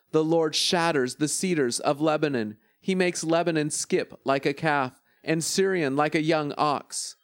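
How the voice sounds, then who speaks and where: A man giving a steady, measured reading of scripture. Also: fairly high pitch, no echo, studio quality. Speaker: scripture reader.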